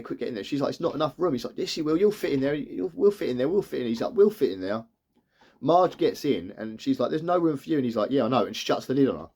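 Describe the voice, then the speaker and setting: A man's voice: mid-range voice, darkish tone. A man, retelling a TV episode in a rambling way, emotional and close to tears, acting out the characters' lines as he goes. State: tearful, emotional. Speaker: TV reviewer.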